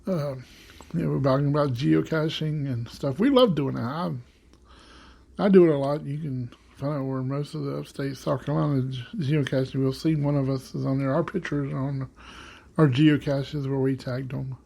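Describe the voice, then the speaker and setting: A man's voice: mid-range voice, steady tone, moderate pace, vocal fry, a little mellow. A man hosting his own show in a rambling, casual monologue full of fillers, on a home desk microphone. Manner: rambling, many fillers and restarts. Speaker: podcast host.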